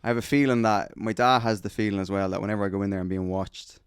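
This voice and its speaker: A man's voice: lowish voice, fairly even intonation, fast talker, clean tone, no echo, clean studio sound. A man with a Dublin accent, co-hosting a podcast in casual, rambling, profane chat, recorded in a shed. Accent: Dublin Irish. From Dublin, Ireland. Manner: rambling, profane, full of restarts. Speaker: podcast co-host. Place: garden shed studio.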